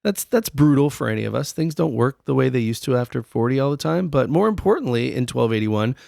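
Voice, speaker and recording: A man's voice: mid-range voice, animated, a little fast, vocal fry, darkish tone, dry recording, studio quality. A young man co-hosting a comedic history podcast, telling the story in a profane, jokey way. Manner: profane, jokey, puts on silly voices. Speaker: podcast co-host.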